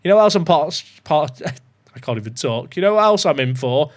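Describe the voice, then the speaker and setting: A young man talks through a football management game in a chatty, jokey way. His voice sits high and swings widely in pitch. He breaks into loud excited shouting. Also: brisk. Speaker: gaming YouTuber.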